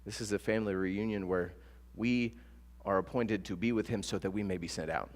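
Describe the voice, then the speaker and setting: A man preaching a sermon as pastor, telling stories with lively acted-out quotes. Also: fairly low pitch, fairly quick. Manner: animated storytelling with acted-out quotes. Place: church sanctuary. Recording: long church reverb with soft guitar.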